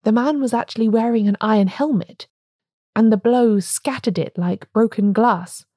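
A woman's voice: a little high, moderate pace, dark tone, dry recording, clean studio sound, natural voice. A woman reading aloud, voicing a blunt, peevish male doctor in a storybook. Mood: arguing. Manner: blunt, sulky.

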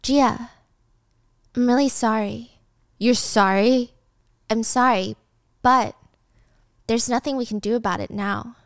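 A woman's voice: fairly high pitch, slow pace, long pauses, no room sound, studio quality. Woman doing a whiny dainty mistress. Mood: pleading. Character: fragile, whiny young adult mistress.

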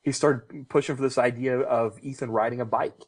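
Fast-talking man sharing set stories. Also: medium pitch, fairly even intonation. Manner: fast storyteller, heavy with fillers. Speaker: TV series producer on a panel. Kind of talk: lively panel anecdotes.

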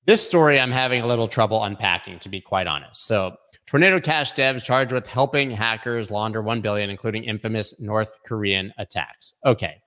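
A man's voice: on the low side, a little fast, bright, forceful tone. A man hosting a weekly crypto news show, talking casually with many fillers and opinionated asides. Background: construction noise.

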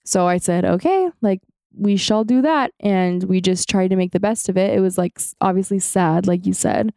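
A young woman with a smooth, crisp voice chats casually as a podcast co-host. She tells stories in a lively way and acts out the quotes. The sound is close and dry. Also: medium pitch, normal speed, dry recording. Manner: animated storytelling, acts out quotes. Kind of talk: casual chat.

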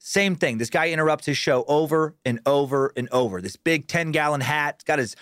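A man's voice: a little high, moderate pace, dry recording, clean studio sound. Man telling a wild heckler story. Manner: animated, swears freely, lots of restarts. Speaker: comedian podcast guest. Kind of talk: casual storytelling chat.

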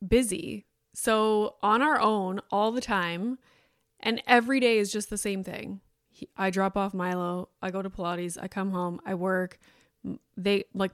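A woman's voice: mid-range voice, clean tone, no echo, clean studio sound. A woman in her thirties hosting a podcast alone, talking in a candid, rambling way with lots of fillers. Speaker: podcast host. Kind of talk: casual solo podcast chat.

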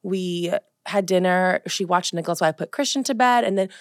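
A woman in her thirties with a New Jersey accent, co-hosting a podcast in casual chat, blunt and quick to swear while acting out stories. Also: fairly low pitch, no room sound, studio quality. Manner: blunt, swears freely, animated retellings. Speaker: podcast co-host.

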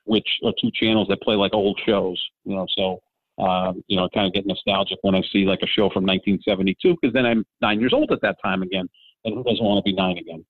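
Over a tinny, phone-like connection with no echo, a podcast co-host in his fifties talks sports from his home during lockdown. His low voice is fast and fairly flat in intonation, and he rambles along with many fillers and restarts.

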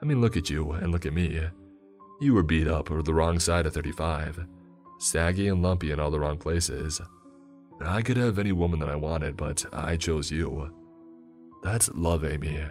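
A man reading the part of a charming killer with a smooth, mocking voice that sits extremely deep. He gloats and justifies himself over faint background music in a spoken story. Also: moderate pace, a little mellow. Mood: mock-tender. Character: charming, menacing male killer.

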